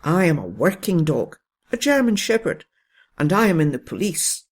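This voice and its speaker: A storyteller voicing a big, kind male German shepherd who calmly explains things to a puppy in a bedtime story. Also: mid-range voice, normal speed. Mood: explaining. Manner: calm, fatherly, explaining.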